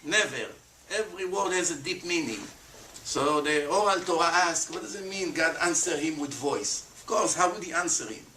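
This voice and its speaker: Man, rabbi, animated lecture, high voice, faint background noise. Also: normal speed. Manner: animated, acts out skeptics' voices. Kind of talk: lecture to an audience. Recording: echoey room, voice from far off, faint background noise.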